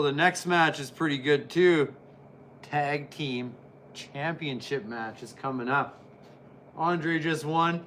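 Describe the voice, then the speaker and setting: A man's voice: fairly high pitch, fairly bright tone, slight background noise. A man casually commenting on old wrestling as he watches, rambling and joking. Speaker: wrestling reviewer.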